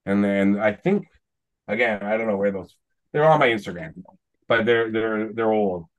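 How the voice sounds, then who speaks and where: A man's voice: fairly low pitch, moderate pace, highs cut off. A man in his forties from Canada, a podcast guest rambling through stories in casual chat. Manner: rambling storyteller, restarts, chuckling asides. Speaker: podcast guest, celebrity YouTuber.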